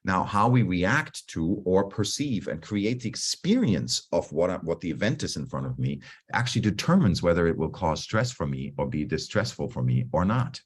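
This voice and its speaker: Over a video call, a man gives an online talk coaching a group on stress, speaking in a low, husky voice at normal speed. He's relaxed and conversational, often restarting sentences and acting out his own inner dialogue.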